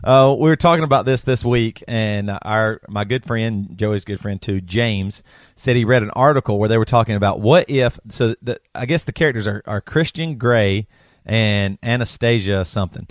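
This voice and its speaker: A man's voice: fairly low pitch, normal speed, no echo, studio quality. Southern-accented man rambling on a podcast. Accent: Southern US, South Carolina. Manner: rambling, self-correcting, laughs often. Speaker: podcast host. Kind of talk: casual podcast chat.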